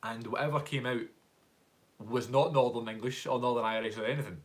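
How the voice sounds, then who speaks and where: On a live stream, a chatty man from Glasgow, Scotland, who works as a YouTuber and actor, rambles through stories and laughs often. His mid-range voice has fairly even intonation and moves a little fast.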